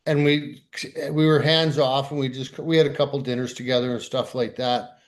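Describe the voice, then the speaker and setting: A man's voice: mid-range voice, steady tone, normal speed. Candid man telling his story. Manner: candid, self-deprecating storyteller. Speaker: podcast co-host. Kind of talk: casual storytelling conversation.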